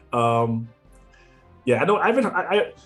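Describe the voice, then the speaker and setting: A man's voice: mid-range voice, a bit bright. A man narrating a tabletop game as game master, rambling with many fillers and frequent chuckles.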